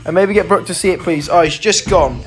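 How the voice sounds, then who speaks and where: Young man with a higher voice, chatty. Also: fairly quick, faint music behind. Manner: chatty, jokey, reads out fan comments. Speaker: band member hosting a live stream. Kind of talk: casual live-stream chat.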